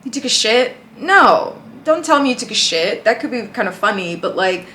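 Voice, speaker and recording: A woman's voice: on the high side, animated, normal speed, bright, forceful tone, a little hiss or hum. A woman reacting to a dating story with blunt, exasperated commentary. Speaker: reaction host. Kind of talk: reacting to a video.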